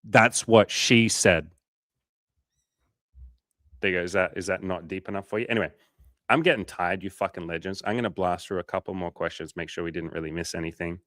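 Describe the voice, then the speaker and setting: Low-voiced swearing male coach. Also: fairly even intonation, fast talker, fairly bright tone, dry recording, studio quality. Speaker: coach hosting a livestream. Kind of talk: casual livestream Q&A, reading chat.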